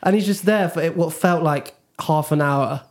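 A man's voice: fairly high pitch, moderate pace. A young man from Britain hosting a podcast, telling rambling stories in casual chat with many fillers and restarts. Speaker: podcast host.

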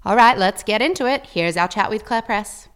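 A young woman co-hosting a podcast, bubbly and enthusiastic with a quick delivery. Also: medium pitch, very noisy. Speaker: co-host. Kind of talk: podcast interview.

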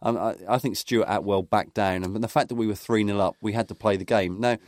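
A man's voice: lowish voice, fairly even intonation, brisk, darkish tone, no room sound, clean studio sound. A middle-aged man, a podcast co-host, telling rambling football anecdotes in casual chat, full of fillers and restarts.

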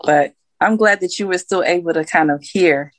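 A woman singer talks as a guest in a casual interview, in a very low voice. She tells her stories candidly and laughs often. The sound is dry and close. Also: moderate pace, no echo. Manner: candid storytelling with frequent laughs.

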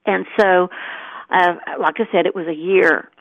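Over a tinny, dry phone line without room sound, a middle-aged co-host shares a personal story on a talk show, sincere and conversational, performing the dialogue herself. She speaks unhurriedly in a lowish, gravelly voice with a steady tone.

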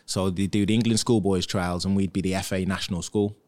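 A man's voice: low-pitched, steady tone, a little fast, a little mellow. A man in his thirties, a former footballer, telling casual anecdotes as a podcast guest and acting out what others said. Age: 30s. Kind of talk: casual storytelling.

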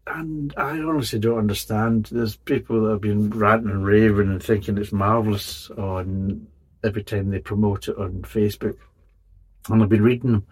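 A man's voice: fairly low pitch, fairly even intonation, moderate pace, darkish tone, slightly rough. A man giving a casual spoken beer review, blunt and rambling, swearing often in exasperation.

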